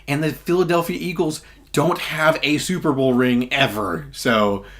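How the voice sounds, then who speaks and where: A man's voice: fairly high pitch, steady tone, unhurried, fairly bright tone. A man co-hosting a podcast, arguing his football picks confidently and listing his points. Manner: confident, argumentative, lists points. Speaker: podcast co-host. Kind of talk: casual sports chat.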